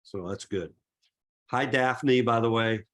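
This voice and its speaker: A man's voice: mid-range voice, takes it slowly, fairly bright tone. Easygoing middle-aged man, chatty Q&A. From Massachusetts. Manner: easygoing, chatty, frequent restarts and fillers. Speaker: photography presenter. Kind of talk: webinar Q&A.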